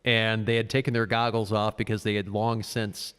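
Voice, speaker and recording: A man co-hosting a podcast, telling a race story in casual chat and acting out quotes in a high voice. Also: flat delivery, moderate pace, a bit bright, smooth, big-room sound. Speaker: podcast co-host.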